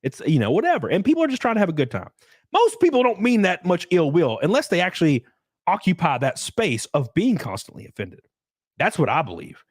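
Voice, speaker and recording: A fairly high-voiced man rambles through a solo livestream, his pitch leaping up and down as he talks. He swears freely and slips into the voices of people he quotes. The sound is close and dry, with no room around it. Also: no room sound. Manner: rambling, profane, acts out quoted people, laughs often. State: out of breath. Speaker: streamer. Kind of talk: casual livestream chat.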